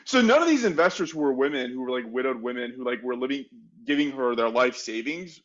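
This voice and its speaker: A man's voice: medium pitch, lively intonation, fast talker, lo-fi sound. A man co-hosting a podcast, telling a history story in a casual, chatty way, full of "like" fillers and self-mocking asides. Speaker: podcast co-host.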